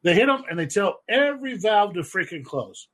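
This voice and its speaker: Man, husky voice, fairly high pitch, swearing, lively casual chat. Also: moderate pace. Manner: profane, animated, rambling with fillers.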